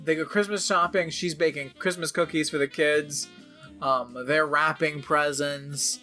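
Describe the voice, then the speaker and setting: Dry-humored podcast co-host recapping a film. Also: male voice, on the high side, steady tone, a little slow, pushed and bright, faint music behind. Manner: dry, recaps plot with mock-quoted lines. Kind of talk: casual movie commentary chat.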